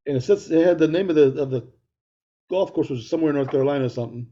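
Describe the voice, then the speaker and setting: A man's voice: fairly high pitch, racing, warm tone, muffled recording, a little hiss or hum. A middle-aged man co-hosting a podcast, telling a rambling story in casual chat. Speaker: podcast co-host.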